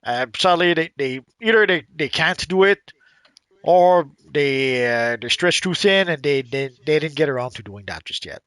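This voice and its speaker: A man hosting a casual gaming livestream, halting and repeating words with many fillers. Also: a little high, animated, fairly bright tone, clear, resonant tone, dry recording. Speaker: livestream host.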